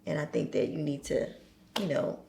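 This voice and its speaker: A low-pitched woman with a gravelly edge talks in a reflective, measured way. She leans on fillers as she gathers her thoughts. Her voice rings in an echoey room over a faint background hiss. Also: expressive, mellow. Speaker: podcast guest. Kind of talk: casual conversation.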